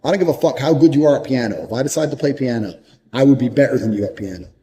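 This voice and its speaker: Warm-toned and animated, a man races through a blunt, profane motivational monologue in a mid-range voice. He repeats his points for emphasis, and the recording quality is low.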